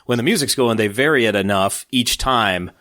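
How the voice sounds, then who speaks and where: A man's voice: medium pitch, moderate pace, pushed and bright, no room sound, studio quality. A man co-hosting a music podcast, talking enthusiastically and a bit nerdily, poking fun at himself with small laughs. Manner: enthusiastic, nerdy, self-deprecating, breaks into little laughs. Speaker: podcast co-host. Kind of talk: casual music discussion.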